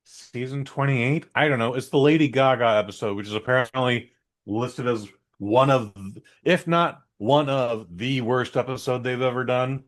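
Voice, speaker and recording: Rambling podcast co-host, mid-pitched man. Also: normal speed. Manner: rambling storyteller, self-correcting, does squeaky voices for quotes. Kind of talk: casual chat.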